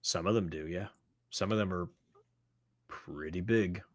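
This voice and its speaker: A man's voice: low-pitched, measured pace, no echo, studio quality. A man narrating as game master of a tabletop game, in a casual, chatty way with plenty of fillers.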